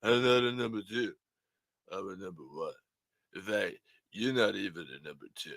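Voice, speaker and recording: Man putting on a low mumbling action hero, slurred, quiet and gruff, dry close sound. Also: expressive, normal speed, no echo. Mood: boastful mumble. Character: mumbling male eighties action star, boastful, tough.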